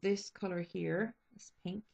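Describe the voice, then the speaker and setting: A woman's voice: medium pitch, fairly even intonation, measured pace, gravelly, darkish tone, slightly rough, low-quality recording. A young woman vlogger talking casually about her makeup picks, hesitant and full of ums and restarts. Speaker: beauty vlogger. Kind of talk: casual makeup chat to camera.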